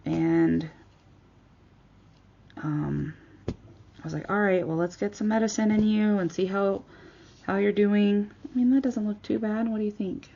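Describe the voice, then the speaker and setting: A woman vlogger chatting casually as she crafts, retelling a story with lively quoted dialogue. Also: medium pitch, measured pace, vocal fry, pauses often, lo-fi sound, slight background noise.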